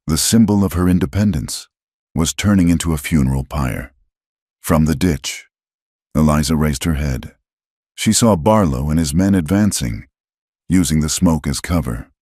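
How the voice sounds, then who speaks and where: A man's voice: extremely low pitch, moderate pace, a little mellow, husky, no room sound, clean studio sound. A man giving dramatic scripted narration of a story.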